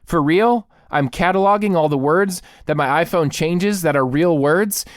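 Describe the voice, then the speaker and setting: A man's voice: a little high, normal speed, no echo, studio quality. A man hosting a podcast, delivering a comic rant with exaggerated mock panic. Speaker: podcast host.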